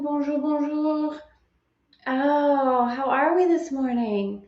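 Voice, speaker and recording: A woman in her forties talks in an effusive, chatty way on a live stream, greeting viewers by name and laughing between her stories. Her voice has a middle pitch. The sound carries a roomy echo and is a little dull. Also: darkish tone. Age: 40s. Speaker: host of a live spiritual study stream.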